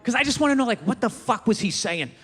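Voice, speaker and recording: High-pitched ranting stand-up comedian, man. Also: expressive, fast, breathy edge, big-room sound. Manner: profane, exasperated, shouting bursts. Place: large comedy venue stage.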